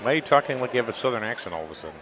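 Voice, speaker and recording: A man's voice: mid-range voice, expressive, racing, fairly bright tone. Teasing man calling plays over a crowd. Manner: teasing, laid-back play calls. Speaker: color commentator. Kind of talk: high school basketball commentary. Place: school gymnasium. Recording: crowd and gym noise.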